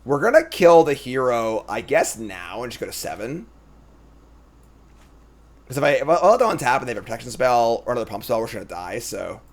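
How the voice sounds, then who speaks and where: A man's voice: mid-range voice, big pitch swings, a little fast. A man streaming a card game, thinking aloud in casual commentary and trailing off with fillers.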